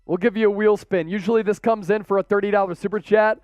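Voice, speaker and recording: Excitable high-voiced male sports streamer. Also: quick pace, clean tone, dry recording, soft background music. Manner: excitable, laughing, rowdy, casual. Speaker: host. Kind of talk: live-stream watch-party play-by-play.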